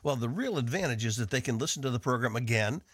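A man from the northeastern United States teaching a devotional on the radio in an earnest, measured way. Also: medium pitch, lively intonation, fairly bright tone, slightly rough, no echo, studio quality. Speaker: radio Bible teacher and host.

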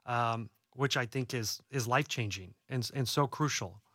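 A man's voice: mid-range voice, moderate pace, bright, forceful tone, no room sound, clean studio sound. A young adult man, an author and guest, talking earnestly and reassuringly in a casual faith-based interview, often restarting his words.

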